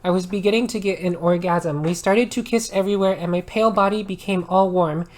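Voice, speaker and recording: A woman doing an ASMR maid role-play, reading aloud with dramatic delivery and sudden loud outbursts. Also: on the low side, fairly quick.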